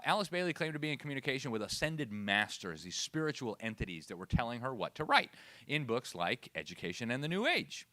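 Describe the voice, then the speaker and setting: A man giving a lively, sarcastic lecture to a live audience. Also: medium pitch, dry recording. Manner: sarcastic, animated, laughs at own asides. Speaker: speaker at education event.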